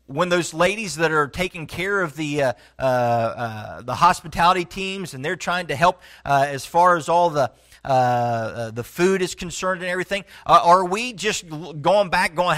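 Middle-aged man, pastor preaching a sermon, fairly high voice, earnest, halting restarts, drops quiet and low for emphasis.

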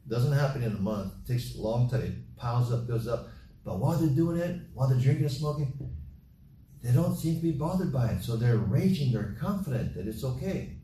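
Emphatic preacher, roomy distant sound. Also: male voice, mid-range voice, warm tone, slight background noise. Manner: repetitive, emphatic exhortation with acted-out party chatter. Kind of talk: sermon. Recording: roomy echo from off mic with faint ambience.

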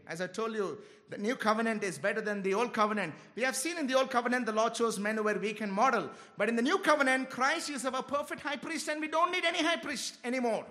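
A man's voice: very high-pitched, sharp tone. A man preaching an expository sermon to a congregation, emphatic and repetitive, often putting questions to his listeners. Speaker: pastor.

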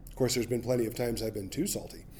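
Middle-aged male pastor, warm mellow voice, playful storytelling preacher. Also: medium pitch, quick pace. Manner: humorous, animated storytelling with acted-out voices. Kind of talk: sermon.

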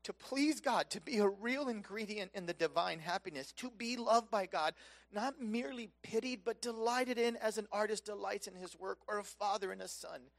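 A man preaching a sermon, impassioned and conversational, swinging between loud emphatic peaks and soft hushed lows. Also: moderate pace, vocal fry. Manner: conversational, casual asides.

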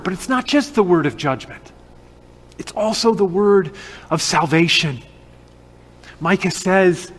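A man with a fairly high voice preaches slowly and deliberately, leaning on rhetorical questions. His words ring out with a long reverb, as in a church or large hall. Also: fairly bright tone. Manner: earnest, measured, rhetorical questions. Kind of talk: expository sermon.

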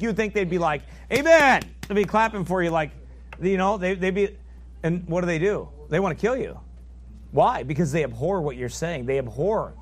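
A man delivering a sermon with a fairly high voice. He preaches with fervor, building to loud emphatic peaks and sinking into low, quiet asides as he reads and explains scripture. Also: a little hiss or hum. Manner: reads scripture aloud in old biblical wording.

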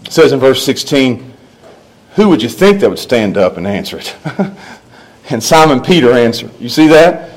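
A man's voice: mid-range voice, sing-song, normal speed, low-quality recording. A man preaching a sermon, emphatic, with rising and falling delivery. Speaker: pastor.

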